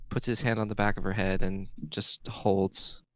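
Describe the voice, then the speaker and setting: A man playing a tabletop role-playing game, narrating and speaking as his character in a slow, gentle, halting way. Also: fairly low pitch, level tone, no echo. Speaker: player.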